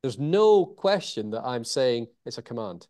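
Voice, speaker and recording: A man, talking as an interview guest. He is lively and changes his pace often, slowing right down and pausing to land his key points. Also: mid-range voice. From Scotland. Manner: animated, varies pace and pauses for emphasis. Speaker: communication author and trainer. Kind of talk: interview guest explaining techniques.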